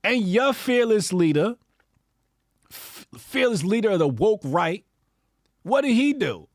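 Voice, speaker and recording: A man's voice: measured pace, no echo, clean studio sound. Profane, mocking male political commentator. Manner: profane, mocking impressions of opponents; animated, swings from low muttering to raised outbursts. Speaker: commentary show host.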